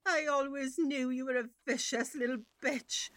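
A woman's voice: high-pitched, fairly even intonation, moderate pace, no echo. A woman playing a furious grieving mother. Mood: enraged. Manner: shouting, tearful accusations. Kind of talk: audio drama acting.

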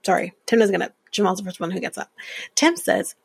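A woman's voice: medium pitch, lively intonation, quick pace, creaky, slightly rough, no echo. A woman in her early thirties hosting a podcast, giving a blunt, profane, opinionated casual recap of a reality show. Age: early 30s. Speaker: podcast host.

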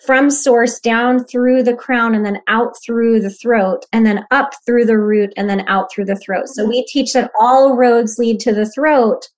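Casting: woman in her thirties, slightly high voice, earnest podcast guest explaining her practice. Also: steady tone, unhurried, hardly any pauses. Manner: earnest, warm reflective explaining. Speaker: human design guide, podcast guest. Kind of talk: podcast conversation.

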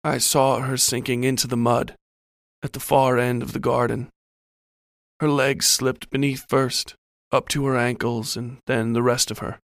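Gravelly man narrating a horror tale. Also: medium pitch, little pitch movement, measured pace, no room sound, studio quality. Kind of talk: scripted horror story narration.

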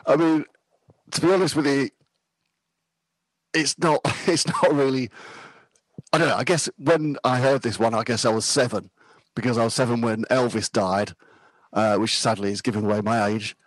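A man's voice: medium pitch, fairly even intonation, moderate pace, long pauses, dry recording, poor audio. A man in his fifties chatting casually about music, rambling and self-deprecating, laughing easily. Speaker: podcast guest.

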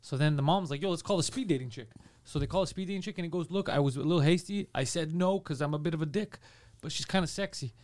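A man's voice: on the high side, fast talker. A young man co-hosting a comedy podcast, telling stories in a loose, profane way and acting out the people he quotes in goofy voices. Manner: animated, swears often, acts out quotes in silly voices. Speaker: podcast co-host. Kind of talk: casual comedic chat.

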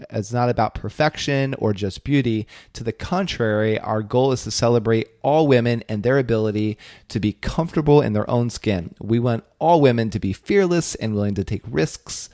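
A man co-hosting a podcast, telling a story in a relaxed, chatty way with fillers. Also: medium pitch, no room sound, clean studio sound. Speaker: podcast co-host. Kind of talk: casual podcast chat.

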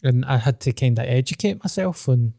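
A man's voice: medium pitch, lively intonation, fairly quick, gravelly, warm tone, dry recording, clean studio sound. A young Scottish man hosting a casual podcast chat, candid, joking and swearing freely. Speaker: podcast host.

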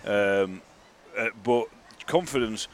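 A man's voice: lowish voice, slow, a little hiss or hum. A man co-hosting a podcast in casual chat, matter-of-fact and confident. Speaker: podcast co-host.

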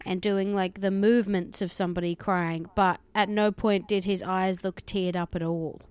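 A woman's voice: medium pitch, steady tone, normal speed, a little mellow, clear, resonant tone, no echo. A young woman co-hosting a casual podcast, chatty and bluntly opinionated. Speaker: podcast co-host. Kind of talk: casual recap chat.

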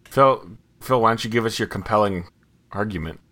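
A man hosts a casual podcast, teasing his brothers and riffing on silly topics. His voice is bright and crisp, and he often lets lines trail off into low mumbles. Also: brisk, slight background noise. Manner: playful, jokey, drops to mumbles. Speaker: podcast host. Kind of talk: casual banter among brothers.

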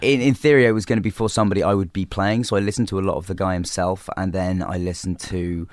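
Young Englishman, low and dry. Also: steady tone, fast, dry recording. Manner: rambling, many restarts and fillers. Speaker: guest. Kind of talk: casual interview chat. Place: studio.

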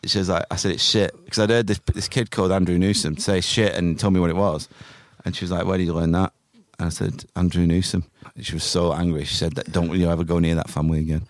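Podcast co-host: quick, low-pitched man, crude jokey banter, dry close mic. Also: little pitch movement, no room sound. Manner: fast, joking, acts out quotes. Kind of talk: casual sweary banter.

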